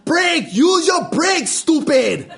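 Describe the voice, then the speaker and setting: A man's voice: sits high, very animated, moderate pace, a bit bright, voice pushed up. A man doing a barking dad. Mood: yelling. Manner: barking, drill-sergeant commands. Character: strict shouting Hawaiian father teaching driving.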